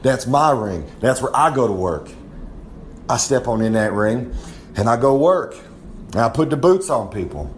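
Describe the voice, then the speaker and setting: Animated and mid-range, a man's voice moves at a normal pace through a rambling, in-character wrestling promo. As a recurring segment guest, he brags in the third person and drawls out story after story with many asides. A little hiss or hum runs underneath.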